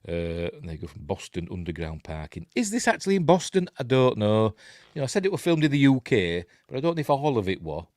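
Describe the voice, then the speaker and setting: A man's voice: mid-range voice, sing-song, quick pace, darkish tone, dry recording, clean studio sound. A man with a Yorkshire accent giving casual, rambling film commentary, often correcting himself and chuckling at his own asides. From England. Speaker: film reviewer.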